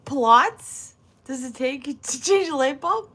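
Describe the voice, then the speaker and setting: Lively, bright-voiced older woman streamer. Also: sits high, very slow, long pauses. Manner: crude, teasing, laughs often, swears freely. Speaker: livestreamer reading chat. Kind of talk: casual livestream chat.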